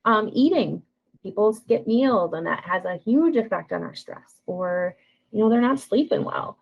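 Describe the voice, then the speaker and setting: In an expressive, creaky mid-range voice, a female counselor leads a relaxed training session without hurrying. Tag questions like "right?" come up frequently, and she performs example lines. The recording sounds dull and lo-fi.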